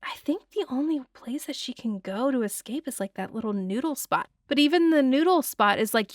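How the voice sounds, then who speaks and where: Gushing, expressive woman reviewing a film. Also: high-pitched, normal speed, hardly any pauses, dry recording, clean studio sound. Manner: expressive, gushing, swears freely, sighs and laughs. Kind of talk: casual film breakdown.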